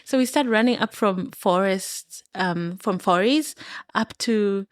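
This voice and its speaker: A woman from Kenya, a podcast guest, telling stories in a casual chat, animated and laughing often as she acts out the dialogue. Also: medium pitch, takes it slowly, no room sound.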